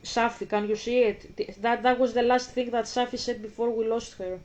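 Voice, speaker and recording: Woman vlogger, casual commentary, emphatic, swears, slightly high voice. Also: steady tone, normal speed, darkish tone, rough recording. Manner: emphatic, swears freely, reads scripture aloud. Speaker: gaming vlogger.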